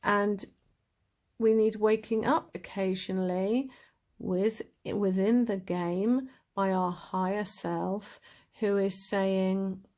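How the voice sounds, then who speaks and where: A woman giving a casual spiritual talk as a tarot reader, animated and upbeat with lively swings in her voice. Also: mid-range voice, takes it slowly.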